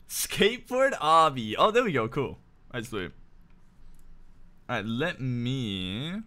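A man streaming a game, chatting casually with friends, loud, swearing and joking in mock offense. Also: mid-range voice, very animated, takes it slowly, pauses often. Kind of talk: casual gaming chat.

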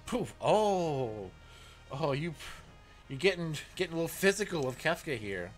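A man commenting on a game as he plays, excitable, reading dialogue aloud and laughing often. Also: on the high side, measured pace. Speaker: gaming let's player. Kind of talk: let's play commentary. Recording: faint game music behind.

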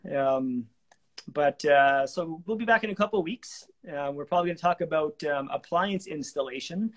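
A man hosting a live renovation talk show, relaxed and chatty with many fillers. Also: fairly high pitch, normal speed. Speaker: host.

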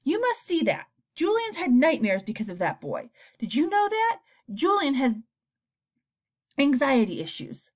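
A woman's voice: high-pitched, sing-song, pitched above the performer's own voice. A woman voicing a combative, indignant mother. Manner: sharp, argumentative, rapid.

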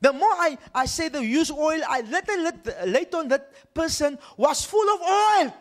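A man's voice: extremely high pitch, lively intonation, normal speed. A male pastor preaching animatedly, repeating phrases and checking in with his congregation. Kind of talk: sermon.

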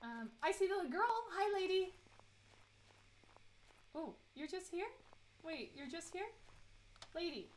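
A woman's voice: extremely high pitch, expressive, moderate pace, pauses often, low-quality recording. A woman streaming a horror game live from her desk mic, chatty and giggly, talking to the characters on screen. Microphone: desk microphone.

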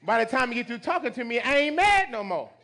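Male pastor, very high bright voice, AAVE, shouting call-and-response sermon. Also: sing-song, fast talker. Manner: call-and-response preaching, sudden shouts and laughs.

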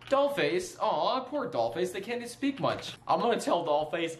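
A man doing excited, nervous gameplay commentary, reading lore aloud and giggling often. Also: sits high, measured pace, few pauses. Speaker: gaming YouTuber.

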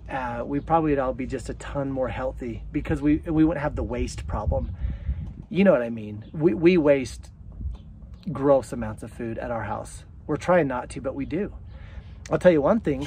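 A man's voice: medium pitch, a little mellow, a little hiss or hum. A man vlogging about homesteading, talking casually to the camera in a chatty, self-deprecating way.

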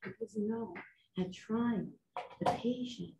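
Brief: middle-aged woman attorney, lively seminar speaker, higher voice, echoey room, mic at a distance. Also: moderate pace, noisy background. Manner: animated, rhetorical questions, frequent laughs. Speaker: trial attorney. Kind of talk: teaching a seminar to nurses.

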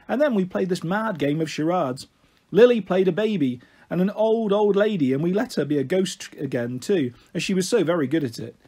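Male storyteller reading a children's book, husky, lively. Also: sits high. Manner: expressive, animated. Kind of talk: reading a children's novel aloud.

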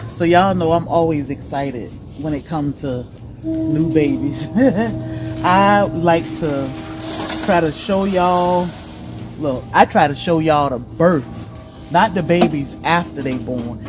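A middle-aged woman vlogging casually outdoors by her rabbit hutches, chatty and animated, laughing often as she talks to viewers. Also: deep voice, slow pace, over music. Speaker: homestead vlogger.

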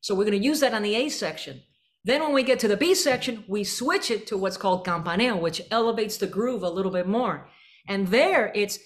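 With lively intonation and a slightly quick pace, a woman of medium pitch leads a band rehearsal clinic. The jazz clinician paints vivid images for her players and vocalizes the syllables and rhythm phrases.

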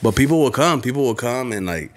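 A man's voice: mid-range voice, lively intonation, quick pace. A man, co-hosting a podcast as a casual chat, blunt and profane, telling stories. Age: late 20s to 30s. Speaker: podcast co-host.

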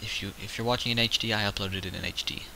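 Game video host, male, low and bright-edged, casual rambling commentary, counts aloud; faint hiss on a home mic. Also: fairly even intonation, fast talker, creaky, poor audio. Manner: rambling, counts units aloud, self-correcting. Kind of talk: casual let's-play commentary.

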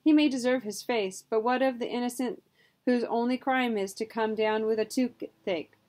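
A woman's voice: on the high side, normal speed, darkish tone, natural voice. A woman voicing a dignified butler who speaks formally and makes a persuasive courtroom-style speech. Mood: orating. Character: proper, dignified English butler turned gold seeker, eloquent.

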